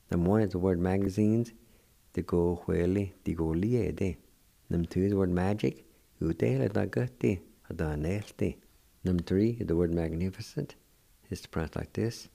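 An older man hosting a radio language lesson, spelling words letter by letter and repeating each pronunciation slowly. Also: low-pitched, vocal fry, dark tone. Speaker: radio host teaching language.

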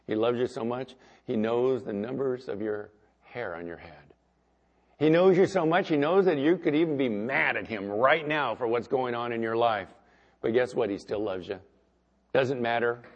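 A man preaching as pastor, talking conversationally and swinging between loud emphasis and quiet asides. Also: medium pitch, lo-fi sound. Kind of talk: sermon.

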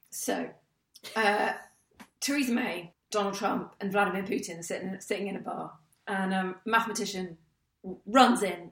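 A woman's voice: mid-range voice, a bit bright. A woman telling a joke in a playful way. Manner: playful storyteller. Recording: distant echoey room.

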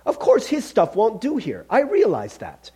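A man's voice: high voice, wildly swooping pitch, moderate pace, pitched above the performer's own voice. A man voicing an irritable male ghost with a British accent, in a snappish, whiny manner. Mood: apologetic.

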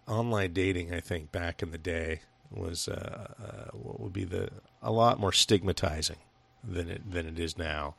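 A man's voice: sits low, vocal fry, dry recording. A man co-hosting a podcast, chatting casually about a movie, rambling, swearing a lot and laughing often. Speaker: podcast co-host. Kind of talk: casual profane movie chat.

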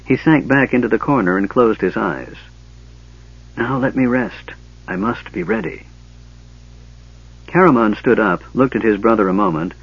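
A man narrating an audiobook in a measured, steady storytelling voice. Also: on the low side, breathy edge, no room sound. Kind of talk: scripted narration. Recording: dull lo-fi cassette audiobook.

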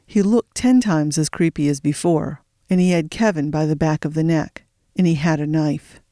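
A narrator with a medium-pitched voice reads a thriller audiobook in a steady storytelling style, slowing down for suspense. The recording is dry and of studio quality.

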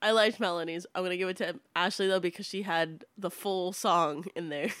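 A woman's voice: lowish voice, steady tone, fairly quick, fairly bright tone, clear, resonant tone, dry recording, clean studio sound. A woman chatting casually on a podcast, giggly and teasing. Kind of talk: casual chat.

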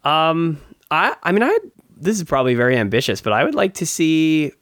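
A man's voice: fairly high pitch, very animated, fairly quick, a bit bright, no echo, clean studio sound. A man co-hosting a podcast in casual chat, rambling with many fillers and restarts. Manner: laughs often. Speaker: podcast co-host.

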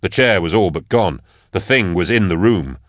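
A man narrating a dark fantasy story with measured, dramatic delivery. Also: deep voice, lively intonation, no room sound, studio quality. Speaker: audiobook narrator. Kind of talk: scripted narration.

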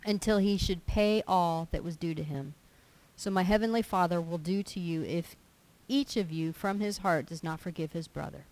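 Speaking at a moderate pace, a woman with a fairly low, darkish voice reads a scripture passage during her sermon and applies it to life, occasionally acting out everyday grumbling. The recording is rough.

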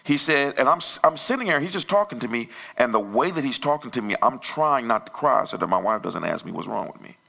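A male pastor telling a story in a conversational sermon that grows loud and animated. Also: mid-range voice, fairly quick, vocal fry, few pauses. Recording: church sermon audio.

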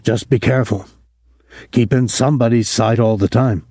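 A man voicing a gruff middle-aged boxing-club trainer who talks bluntly in weary street slang, quieter and lower than his narration. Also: steady tone, moderate pace, no echo, clean studio sound, natural voice.

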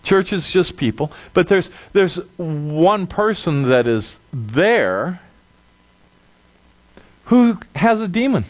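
A male pastor preaching a sermon with emphatic, dramatic delivery. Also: slow pace. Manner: animated, emphatic, dramatic drops to a low voice.

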